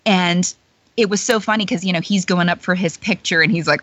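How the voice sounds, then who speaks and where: A woman chats casually as an interview guest, telling stories with plenty of fillers and frequent laughter. Her voice sits at a middle pitch for a woman. The recording is dry with no room sound, and it has a dull, lo-fi quality. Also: fairly quick, a bit bright, no room sound. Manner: chatty storyteller, many fillers, laughs often. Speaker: guest, former theme-park character performer.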